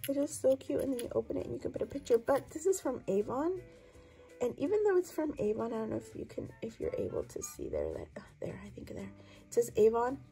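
A woman with a hoarse voice from a lingering cough, gushing chattily over her thrift haul in a casual vlog. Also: a little high, a little mellow, low-quality recording. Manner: gushing, chatty, lots of "so pretty".

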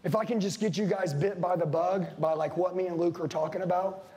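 A man with a high-pitched voice delivers a fired-up sales seminar. He is blunt and preachy, swears casually, and keeps turning to the crowd in front of him. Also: fairly even intonation, a little fast, warm tone. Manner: intense, preachy, swears casually, addresses the room directly. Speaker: sales trainer. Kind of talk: motivational seminar speech. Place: room with a live audience.

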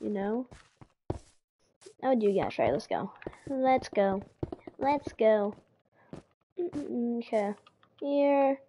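High-voiced excitable woman game streamer. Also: extremely slow, long pauses, a little hiss or hum. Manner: excitable, rambling, stammers and repeats words. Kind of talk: casual live-stream chat.

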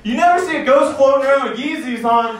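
Male stand-up comic, high voice, loose and crude, laughs at his own material, distant mic in a booming club. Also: quick pace, echoey room, heavy background noise. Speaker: stand-up comedian. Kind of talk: stand-up set. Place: comedy club in front of a crowd.

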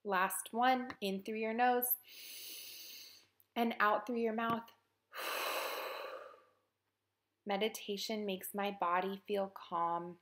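Slow, bright-voiced woman leading kids' yoga. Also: mid-range voice, steady tone. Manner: slow, gentle, playful storytelling cues. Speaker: yoga instructor for children. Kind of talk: guided kids' yoga lesson. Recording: echoey room, somewhat far from mic.

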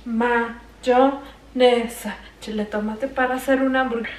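A woman's voice: high-pitched, a little slow, pushed and bright, echoey room, distant mic. A young woman chatting casually in a cooking vlog in her kitchen, self-mocking and slipping Spanish words into her English. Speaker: vlogger. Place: home kitchen. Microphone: camera on tripod.

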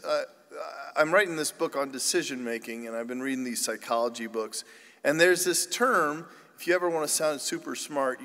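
Priest, man, higher voice, humorous sermon storyteller, reverberant church. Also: fairly bright tone. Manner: chatty and self-deprecating, with many restarts. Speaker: priest giving a parish mission talk.

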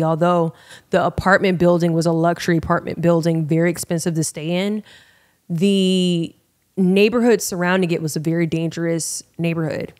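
A young woman hosting a podcast, telling a personal story in a frank, animated, casual way and calling her listeners y'all. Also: on the low side. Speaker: podcast host.

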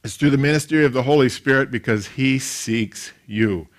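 A man, a pastor, preaching a sermon in an animated storytelling way, with big swings in loudness. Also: mid-range voice, moderate pace.

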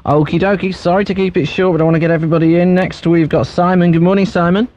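A quick-talking man hosts a late-night radio phone-in, his voice slightly raised and hurried as he keeps callers short. The broadcast sounds muffled, with a faint hiss behind him. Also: high-pitched, flat delivery, a little mellow. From Merseyside. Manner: brisk, cuts callers short.

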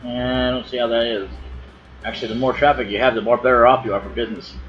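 A man's voice: mid-range voice, flat delivery, fast talker, a bit bright. A young man giving offhand, rambling commentary while playing a video game. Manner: rambling, offhand, mumbling asides. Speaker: let's play gamer. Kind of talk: casual gameplay commentary. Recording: dull lo-fi with game music.

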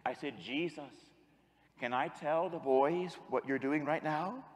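A man's voice: on the high side, unhurried. Man preaching in a big echoey church. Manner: animated storytelling, leads the congregation in call-and-response. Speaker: priest. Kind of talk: sermon. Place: large church with long echo. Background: congregation.

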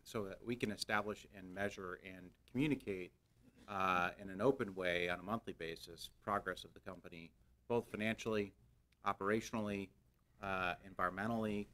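Low-voiced executive man. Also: fairly even intonation, fairly quick, fairly bright tone. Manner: earnest, repeats words, hesitant fillers. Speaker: company executive. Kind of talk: formal business remarks.

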